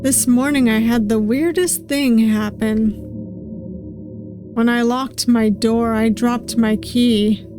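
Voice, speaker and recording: A woman streaming a story game, reading its dialogue aloud and musing softly between lines. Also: a little high, steady tone. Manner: musing, reads lines slowly with soft asides. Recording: game music playing behind voice.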